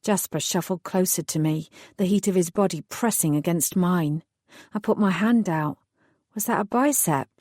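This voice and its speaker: Brief: woman, audiobook narrator, lowish mellow voice, dry close sound. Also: normal speed, no room sound. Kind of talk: first-person audiobook narration.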